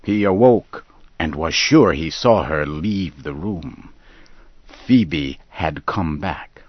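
Slow, deep-voiced male storyteller. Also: animated, dry recording, highs cut off. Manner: deliberate, clearly paced. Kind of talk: slow scripted story narration.

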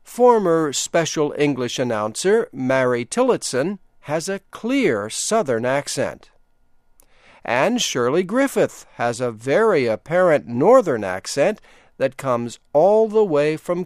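Older male radio announcer, Eastern Shore accent, slow measured read, somewhat high voice, dry booth. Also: dry recording. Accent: Eastern Shore of Delaware. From Delaware, US. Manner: deliberate, measured delivery with lively intonation. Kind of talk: slow scripted broadcast reading.

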